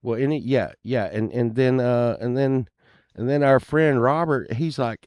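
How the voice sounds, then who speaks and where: A man's voice: medium pitch, unhurried, darkish tone, dry recording, clean studio sound. Man telling a rambling, profane story. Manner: rambling, profane, laughs often. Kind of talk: casual storytelling.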